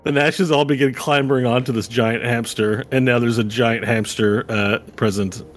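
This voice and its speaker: A man's voice: medium pitch, steady tone, moderate pace, hardly any pauses. A man running a tabletop game as game master, narrating loosely with fillers. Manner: rambling with fillers and laughs.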